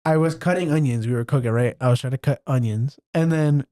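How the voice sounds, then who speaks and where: A man's voice: mid-range voice, a little fast, warm tone. A young man co-hosting a podcast with a stuffy nose, telling rambling stories and laughing often. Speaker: podcast co-host. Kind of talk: casual chat.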